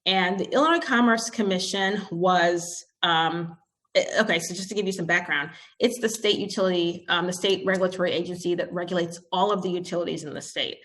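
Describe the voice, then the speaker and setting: A woman's voice: on the low side, brisk, fairly bright tone. Candid woman telling a career story. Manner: candid, conversational storytelling with quoted dialogue. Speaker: guest speaker, company CEO. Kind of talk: storytelling talk to an audience.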